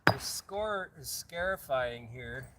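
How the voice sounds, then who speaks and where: A man's voice: medium pitch, animated, slow, recorded from a distance, heavy background noise. A man hosting a casual livestream outdoors on a hot day, rambling and chatting to his dog. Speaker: livestream host.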